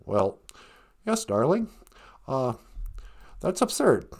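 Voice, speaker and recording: A man voicing a former president in a comic impression, halting and stammering as he corrects himself. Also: mid-range voice, big pitch swings, creaky, husky, full character voice. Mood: flustered.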